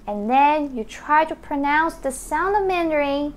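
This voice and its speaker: A woman, the founder and teacher of a Mandarin school, giving a beginner lesson and sounding out each syllable slowly and repeatedly. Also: high voice, lively intonation. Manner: slow, drawn-out model pronunciations with repeated syllables.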